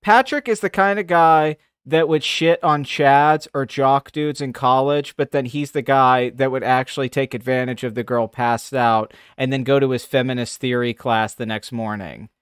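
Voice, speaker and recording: A man's voice: mid-range voice, fairly even intonation, moderate pace, few pauses, a bit bright, clear, resonant tone, no room sound. Podcast co-host, man, crude rambling ranter, clean dry recording. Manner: crude, profane, rambling rants. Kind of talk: casual podcast chat.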